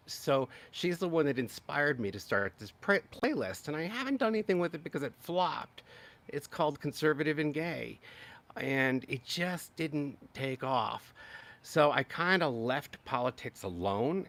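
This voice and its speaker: A man hosting a live-stream political commentary, talking in an animated, exclaiming way and mocking others with high-pitched impressions. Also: unhurried. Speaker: political commentary channel host.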